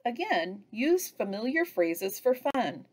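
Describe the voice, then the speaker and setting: Slow, lively woman teaching. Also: on the high side. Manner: slow, lively delivery with chanted example phrases. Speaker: teacher trainer. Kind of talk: instructional narration.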